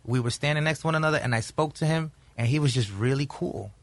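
A male stand-up comedian with a Latino accent, telling stories in an animated, casual way and switching between English and Spanish. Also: on the high side, fast, no room sound. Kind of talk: casual bilingual chat, storytelling.

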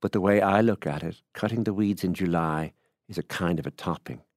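A man's voice: low-pitched, a little fast, darkish tone, dry recording, studio quality. A man voicing a cross Irish woman landowner. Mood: impatient. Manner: curt, cross, impatient. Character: impatient middle-aged woman landowner living alone. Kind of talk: literary reading.

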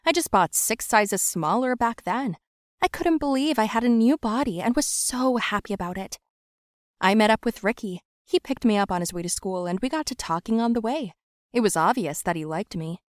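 A woman's voice: medium pitch, no echo, studio quality. Young woman dramatically telling her story. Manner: confiding and dramatic, swings from hushed to loud. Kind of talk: first-person story narration.

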